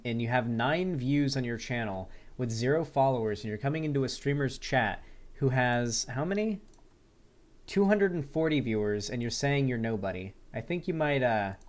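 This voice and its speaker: A man streams and talks straight to his chat in loose, rambling sentences. He is sarcastic and swears freely. His voice sits at an ordinary middle pitch for a man. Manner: answers viewer chat questions aloud. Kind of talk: casual livestream chat.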